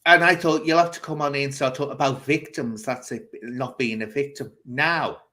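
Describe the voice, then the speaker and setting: A man's voice: mid-range voice, steady tone, normal speed, pushed and bright. A man hosting a casual chat show, telling an anecdote in a theatrical, chatty way and laughing as he goes. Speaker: host.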